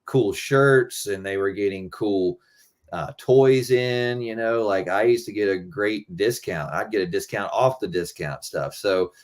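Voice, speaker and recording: A man's voice: on the low side, a little slow. A middle-aged man talking loosely and rambling, swearing freely, as a guest musician in a casual interview.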